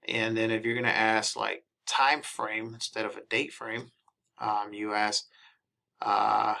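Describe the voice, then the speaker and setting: A man giving a casual lesson, reading each English phrase and then repeating the Spanish slowly. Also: fairly low pitch, level tone, gravelly, sharp tone.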